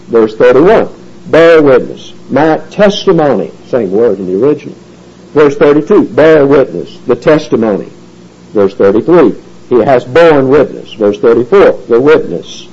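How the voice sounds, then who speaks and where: A man's voice: medium pitch, dark tone. A man teaching a Bible study as a sermon, explaining verses in a folksy way with many fillers, in front of a live audience. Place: church or meeting room with a live audience. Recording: dull lo-fi recording.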